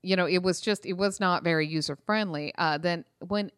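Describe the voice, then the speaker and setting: A woman co-hosting a podcast, chatting casually and reacting in an animated way. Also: lowish voice, moderate pace, smooth, no echo, clean studio sound. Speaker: podcast co-host. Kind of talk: casual chat.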